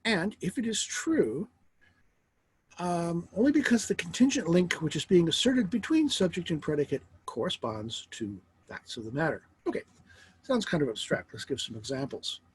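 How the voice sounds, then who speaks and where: A middle-aged man teaching a philosophy lecture in a wry, lively way, asking rhetorical questions. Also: a little high, normal speed, husky, low-quality recording.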